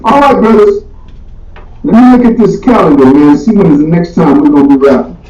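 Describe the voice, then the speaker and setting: High-voiced man teaching a Bible class. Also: a little fast. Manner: animated, slangy, rhetorical questions. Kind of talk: casual teaching Q&A. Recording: echoey, distant, dull room recording.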